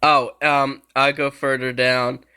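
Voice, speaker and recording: A man's voice: mid-range voice, level tone, slow, bright, forceful tone, clean tone. A man giving casual reaction commentary on show clips, laughing often between lines and swearing casually.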